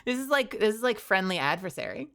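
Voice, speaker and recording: A woman's voice: mid-range voice, very animated, quick pace, a bit bright. A young woman streaming casually, bubbly and rambling, often laughing. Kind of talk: casual livestream chat.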